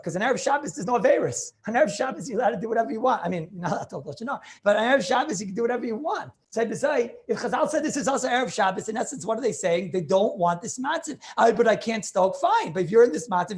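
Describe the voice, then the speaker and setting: A man with a high-sitting voice teaches a class as a rabbi, lecturing on religious law. Over a video call he is emphatic and thinks aloud as he questions his students.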